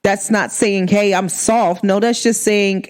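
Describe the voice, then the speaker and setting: A woman's voice: mid-range voice, fairly even intonation, measured pace, a little mellow. Candid woman in casual vlog chat. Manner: candid, emphatic, slangy. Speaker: vlogger.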